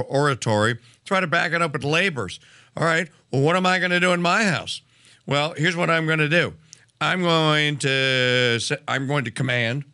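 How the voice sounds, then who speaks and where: Bright-voiced halting male host. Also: mid-range voice. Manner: halting, many fillers and restarts. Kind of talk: podcast interview.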